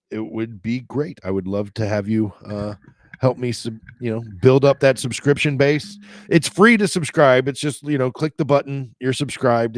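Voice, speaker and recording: A man's voice: mid-range voice, darkish tone, no echo. Chatty male travel vlog host. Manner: chatty, rambling asides with fillers. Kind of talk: casual daily travel update.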